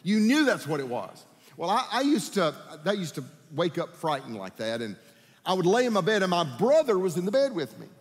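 Male preacher, animated storyteller who acts out voices, slightly high pitch, recorded in a big echoing sanctuary. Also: brisk. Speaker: pastor. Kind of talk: sermon with personal storytelling. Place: church sanctuary.

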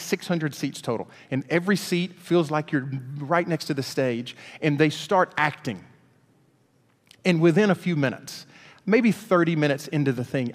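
Folksy preacher in a reverberant hall. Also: male voice, a little high. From Alabama, US. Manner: folksy, animated storyteller. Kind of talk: storytelling sermon.

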